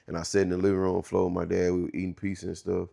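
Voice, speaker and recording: Gravelly deep-voiced man telling his story. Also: completely flat delivery, mellow. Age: 30s. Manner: halting, restarts often, slangy and profane. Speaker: interview guest. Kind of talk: candid storytelling interview.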